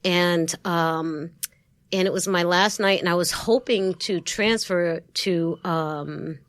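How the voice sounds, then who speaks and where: A woman with a Brooklyn New York accent, a guest in a studio interview, telling stories in a lively way and acting out the voices of the people she quotes. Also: lowish voice, slow, no room sound. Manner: lively storyteller who acts out quoted voices and laughs often. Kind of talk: casual interview storytelling.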